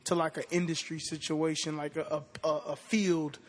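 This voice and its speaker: A man's voice: on the high side, flat delivery, normal speed. A man hosting a podcast, asking loose, rambling questions with lots of "like" and "right, right". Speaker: podcast host. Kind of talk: casual interview chat.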